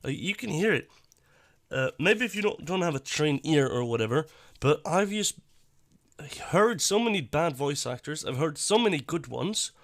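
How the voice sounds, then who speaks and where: A man giving blunt, profane reaction commentary, talking in an animated and dismissive way. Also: a little high, normal speed, no echo, studio quality. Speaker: YouTube commentator.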